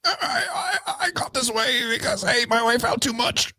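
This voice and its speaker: A man's voice: extremely high pitch, expressive, normal speed, bright, forceful tone, husky, dry recording, studio quality, voice pushed up, exaggerated voice. A man putting on a stammering, strained impression of an older male public figure. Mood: mocking.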